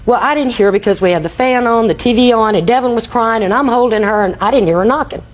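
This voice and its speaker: A woman's voice: a little high, fast talker, low-quality recording. An older woman testifying in a TV courtroom, telling a rambling story and acting out quoted dialogue. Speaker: litigant.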